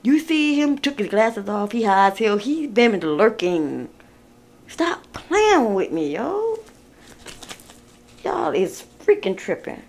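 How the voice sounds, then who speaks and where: A woman's voice: a little high, sing-song, slow, darkish tone. A woman giving a casual tarot reading, talking bluntly and with exasperation, swearing as she addresses the viewer directly. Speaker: tarot card reader.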